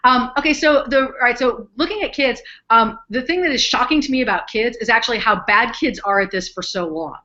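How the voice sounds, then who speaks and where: A woman, a psychology professor from the northern United States, explaining her research in a chatty, lively way with many ums. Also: a little high, fairly quick, hardly any pauses, highs cut off. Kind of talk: explaining research in an online chat.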